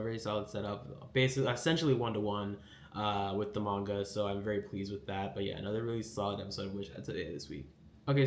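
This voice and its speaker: Casual male recap host, lowish voice, echoey room, rambling delivery. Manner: rambling, lots of fillers and acted quotes.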